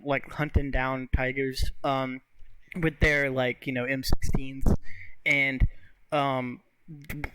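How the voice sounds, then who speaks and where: A young man co-hosting a podcast, retelling movie scenes in animated casual chat, full of fillers and swearing. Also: medium pitch, smooth, rough recording. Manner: animated storytelling with frequent filler words, swears. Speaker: podcast co-host.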